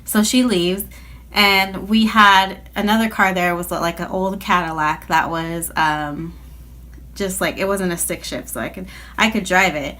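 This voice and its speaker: A woman's voice: fairly low pitch, fairly even intonation, measured pace, pushed and bright. A woman tells a personal story in a casual storytime vlog. Her delivery is chatty and rambling, full of filler words, and it sounds like it was recorded on a phone. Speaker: vlogger telling a personal story.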